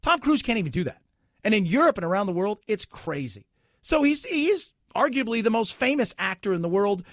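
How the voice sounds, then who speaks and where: A man hosting a talk radio show, riffing in a jokey, animated way and laughing loudly. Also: sits high, fairly quick, dry recording, clean studio sound. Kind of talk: casual talk radio banter.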